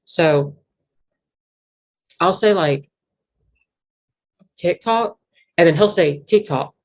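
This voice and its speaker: A woman with a Virginia foothill Appalachian accent talks in a low voice during a casual interview. She rambles, restarting sentences and stacking fillers as she goes. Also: slow pace. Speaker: guest musician.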